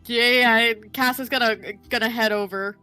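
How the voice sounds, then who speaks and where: Female player, a bit high and bright, stop-start casual delivery at the game table. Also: steady tone, smooth, soft background music. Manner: halting, restarts phrases.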